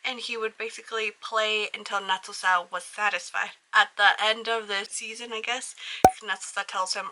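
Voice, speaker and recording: A young woman with a very bright, sharp voice gushes through an anime recap. She rambles along casually and fills every gap with "like". She sounds like an excitable fan talking straight to her viewers. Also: medium pitch, normal speed, rough recording. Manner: rambling, leans heavily on "like" as filler; gushing and excitable. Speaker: anime video host.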